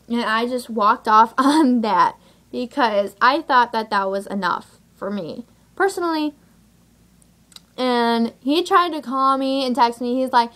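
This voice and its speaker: A woman's voice: fairly high pitch, a little slow, a bit bright. A young woman vlogging to camera, telling a story in a chatty, exasperated way, full of "like" and "whatever".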